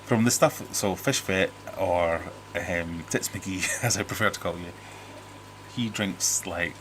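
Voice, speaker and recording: A middle-aged British man with a lowish voice hosts a casual livestream from his home fish room. He rambles and restarts his sentences, cracks dry jokes and reads viewer comments aloud. A faint hiss of noise sits behind him. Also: slow, fairly bright tone. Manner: rambling, jokey, self-interrupting. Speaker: livestream host. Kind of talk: casual live-stream chat reading viewer comments.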